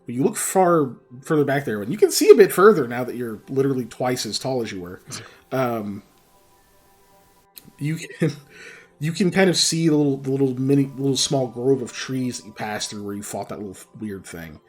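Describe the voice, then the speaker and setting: A man narrating as game master in a relaxed, joking way with many fillers. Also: medium pitch, moderate pace, soft background music.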